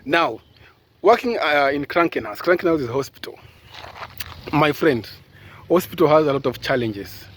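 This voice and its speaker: A man's voice: on the high side, lively intonation, normal speed, long pauses, slight background noise. A man from Kenya talking casually on a vlog, rambling with lots of fillers and restarts as he gives advice, filmed outdoors on a phone held at arm's length. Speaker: caregiver vlogger. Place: outdoors in sunshine. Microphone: phone camera at arm's length.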